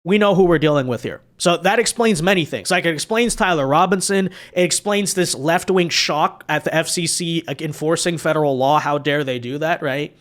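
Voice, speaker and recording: A man's voice: on the high side, moderate pace, few pauses. A man hosting a political commentary monologue, sarcastic and mocking, tagging his points with rhetorical questions and sounding weary. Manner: sarcastic, mocking, tags lines with "right?".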